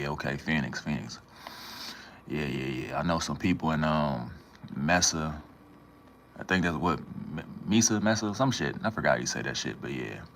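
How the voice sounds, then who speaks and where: Very deep-voiced laid-back man. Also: a bit bright, a little hiss or hum. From Minnesota, USA. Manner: laid-back, slangy, greets chatters by name. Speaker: livestream host. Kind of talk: casual livestream chat with viewers.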